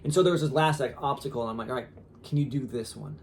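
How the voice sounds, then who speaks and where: A man in his thirties, a father, telling a story casually on a podcast in an animated way with lots of fillers. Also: medium pitch, fast talker, creaky, a little hiss or hum. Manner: animated, laughing, lots of fillers and quoted asides.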